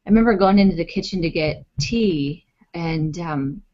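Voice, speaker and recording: A woman's voice: on the low side, normal speed. A woman guest on an interview, telling a personal story in a chatty way, with lots of fillers and acted-out quotes. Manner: animated, acts out quotes, many fillers. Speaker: interview guest, author and blogger. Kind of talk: conversational storytelling. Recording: dull lo-fi audio.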